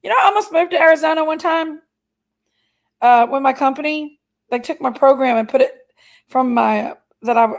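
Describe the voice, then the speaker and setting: On a rough recording, a middle-aged woman hosts a livestream and reads viewer comments aloud in a casual, chatty way. Her voice sits on the high side with a creaky edge, and she's playful, stretching out her exclamations.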